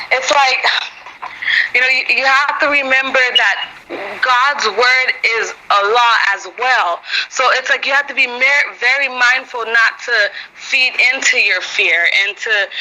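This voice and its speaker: A woman's voice: on the high side, pushed and bright, a little hiss or hum, poor audio. A woman teaching a women's Bible group, earnest and rambling, with lots of "you know" fillers. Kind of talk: informal devotional teaching.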